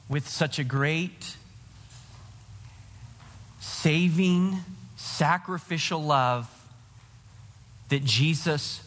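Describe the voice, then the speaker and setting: A man's voice: medium pitch, fairly bright tone, big-room sound. A man preaching a sermon to his congregation, earnest and direct, speaking to them as their pastor.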